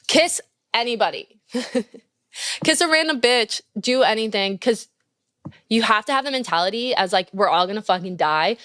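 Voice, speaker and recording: Young woman podcaster, blunt and sweary, smooth voice, dry close sound. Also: medium pitch, a bit bright, no echo. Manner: blunt, profane, gushing. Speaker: podcast host. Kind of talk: casual advice chat.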